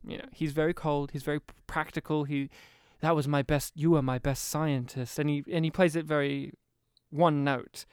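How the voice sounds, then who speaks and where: High-voiced man ranting about a film. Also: normal speed, clear, resonant tone, no echo, clean studio sound. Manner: animated, sweary, mimics lines. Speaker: podcast co-host. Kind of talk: casual film review chat.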